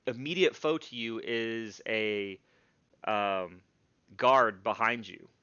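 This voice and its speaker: Smooth-voiced man running a tabletop game. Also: on the low side, dry recording. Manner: relaxed, halting narration with frequent fillers. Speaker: game master. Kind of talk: narrating a tabletop game on a live stream. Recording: dull, lo-fi stream audio.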